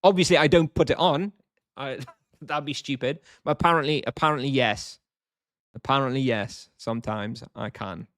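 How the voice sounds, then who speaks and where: A man's voice: mid-range voice, moderate pace, a bit bright, no room sound, studio quality. A man streaming a game live, chatting casually and answering viewers at length. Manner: rambling, reads chat aloud and answers.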